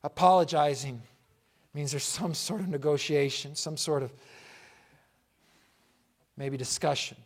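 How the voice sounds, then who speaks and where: Emphatic preacher man, loud then hushed. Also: on the high side, measured pace, pauses often. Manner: asks rhetorical questions. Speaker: pastor. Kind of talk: sermon.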